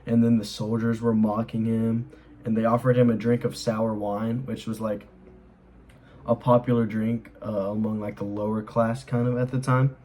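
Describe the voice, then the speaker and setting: A man's voice: on the low side, level tone, normal speed, dark tone, slight background noise, rough recording. A young man explaining a Bible chapter in a casual, earnest way, rambling with lots of fillers as he reads and comments. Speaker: Bible study host.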